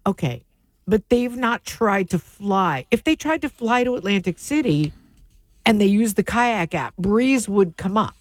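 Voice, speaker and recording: A woman's voice: medium pitch, animated, measured pace, dry recording. A woman co-hosting a morning radio show, teasing her partner with lots of giggles. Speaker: radio co-host. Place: radio studio.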